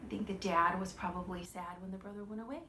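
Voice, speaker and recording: Bright lady teaching kids at church, gentle and animated, asks lots of questions, slight hiss in the background. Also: mid-range voice, quick pace. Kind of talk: children's lesson.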